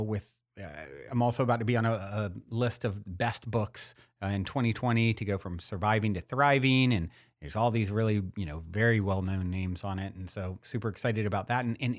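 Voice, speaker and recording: A man hosting his own podcast, telling a personal story in a loose, rambling way with many fillers and restarts. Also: lowish voice. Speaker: podcast host. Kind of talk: casual storytelling monologue.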